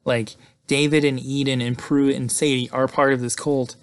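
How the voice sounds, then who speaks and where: A man giving a casual, excited movie recap, peppering his talk with "like" and "right?". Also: mid-range voice, normal speed, clear, resonant tone, no room sound. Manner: chatty, excited, fills with "like" and "right?". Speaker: movie reviewer.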